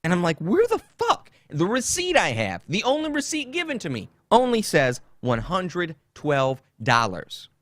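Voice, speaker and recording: This is a man hosting a casual comedy podcast, venting through a story with a lot of indignation and profanity. His voice sits slightly high and leaps up and down all the time. The sound is close and dry, with no room around it. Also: moderate pace, hardly any pauses, dry recording. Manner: animated and indignant, swears freely. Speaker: podcast host.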